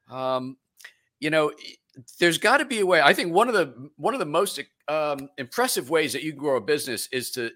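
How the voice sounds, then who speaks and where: A man's voice: mid-range voice, fairly bright tone. A man hosting a radio interview show, asking rambling, joking questions in a casual way. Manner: chatty, jokey, rambling questions.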